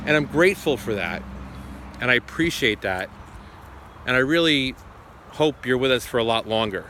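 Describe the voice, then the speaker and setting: A man's voice: mid-range voice, expressive, normal speed, sharp tone, slight background noise. A man in his forties casually retelling a phone call, acting out both sides. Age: 40s. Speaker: vlogger. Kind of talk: casual storytelling to camera.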